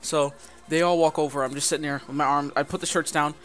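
A man's voice: a little high, steady tone, fast, fairly bright tone, faint music behind. A young man casually telling a story about his job, rambling and filling with "like". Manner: rambling, heavy use of filler "like". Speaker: vlogger.

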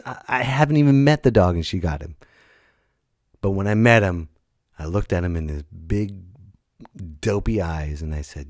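A middle-aged man riffs through a comic podcast monologue in a low voice that swoops up and down. He talks like an animated storyteller and jumps into loud, high put-on voices. He sounds a little worn from being sick, and the recording is dry and close. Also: normal speed, no room sound. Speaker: comedian and podcast host.

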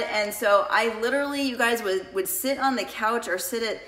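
A woman's voice: on the high side, normal speed, fairly bright tone, roomy sound. A woman coach talking casually and emotionally to her viewers in a confessional vlog, addressing them directly. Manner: chatty, emotional, addresses viewers as "you guys". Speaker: coach and vlogger.

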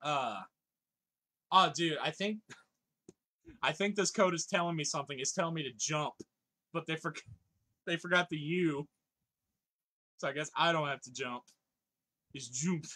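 A man's voice: a little high, unhurried, pauses often, sharp tone. A man in his thirties streaming live, chatting casually, reading viewers' comments aloud and laughing often.

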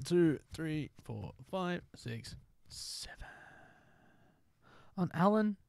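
A man's voice: mid-range voice, darkish tone, no room sound, studio quality. Man teasing his stream viewers. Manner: playful, teasing chat with viewers, drops into whispers. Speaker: game streamer. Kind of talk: casual live-stream chat.

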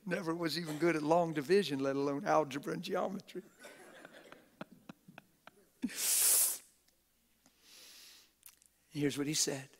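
Fiery preacher, whispers to shouts. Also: male voice, on the high side, slow pace, pauses often. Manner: dramatic swings from whispers to shouts; plain-spoken, street-style talk. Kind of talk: sermon. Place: church auditorium.

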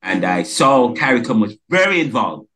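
A man's voice: mid-range voice, sing-song, moderate pace, sharp tone, soft background music. A man hosting a podcast interview, who talks emphatically and stumbles and restarts his words. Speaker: podcast host.

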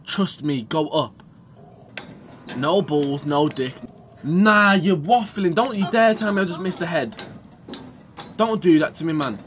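Young British male streamer, crude and jumpy, lively pitch, noisy game sound behind. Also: normal speed. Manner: jumpy, swearing, crude jokes. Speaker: gaming streamer. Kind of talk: horror game commentary.

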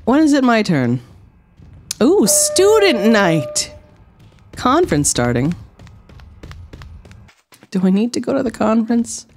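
A woman's voice: a little high, sing-song, normal speed, gravelly, long pauses, darkish tone, faint music behind. A woman streamer giving let's-play commentary, exclaiming and swearing at the game as she plays.

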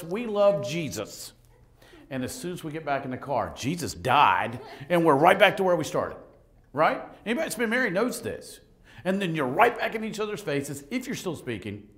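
A middle-aged man preaching a lively sermon in a church, joking with the congregation and acting out conversations as he tells stories. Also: sits high, a little fast. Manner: animated, joking, acts out conversations. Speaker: pastor. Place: church sanctuary.

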